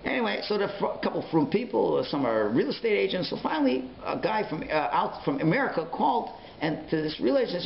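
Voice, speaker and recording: Rabbi, male, fast animated lecturer, swinging pitch, roomy dull recording. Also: vocal fry, a little hiss or hum. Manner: storytelling, acts out dialogue with big pitch swings. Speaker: rabbi teaching a Torah class. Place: synagogue learning centre classroom.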